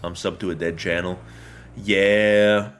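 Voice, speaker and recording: A man's voice: deep voice, level tone, slow, fairly bright tone, smooth. A man streaming a video game, rambling through casual commentary full of jokes and swearing. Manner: joking, profane, rambling.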